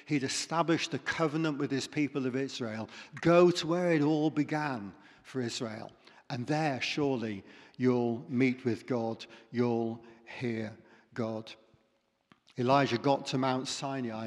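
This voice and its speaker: A man's voice: medium pitch, steady tone, measured pace. A male preacher giving a sermon with dramatic storytelling that sinks to near whispers. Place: church. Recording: long reverb in a church hall.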